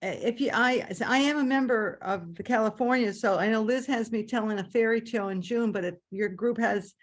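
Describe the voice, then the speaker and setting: A woman in a storytelling group, talking casually and halting often as she restarts sentences. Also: on the high side. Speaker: group member.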